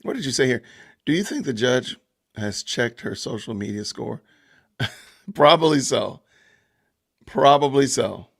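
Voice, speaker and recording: A man hosting a casual live stream, animated and laughing often as he reads viewer comments aloud. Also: medium pitch, a little slow, long pauses, husky. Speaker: podcast host reading live chat.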